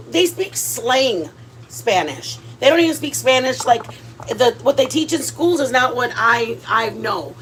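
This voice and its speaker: A woman chats her way through a home cooking video in a fairly high voice, rambling with plenty of fillers and restarts and slipping in Spanish words. She talks from her kitchen. A faint background noise sits under her voice. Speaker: cooking vlog host. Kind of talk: casual cooking chat.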